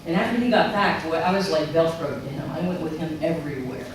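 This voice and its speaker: A middle-aged speaker delivers a storytelling sermon in a large sanctuary and brings each remembered quote to life. The voice comes from well back from the microphone and rings in a very echoey hall, with steady noise underneath. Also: medium pitch, fast. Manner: animated storyteller who acts out remembered quotes. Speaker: speaker at a spiritual center service. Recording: echoey hall from far off, noisy.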